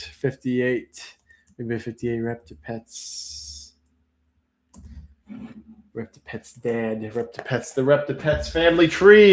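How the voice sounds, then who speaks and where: A man hosting a live online auction in a casual, chatty way, joking playfully as he sorts and labels the lots. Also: medium pitch. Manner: playful, jokey, chats while sorting and labeling. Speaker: livestream auction host.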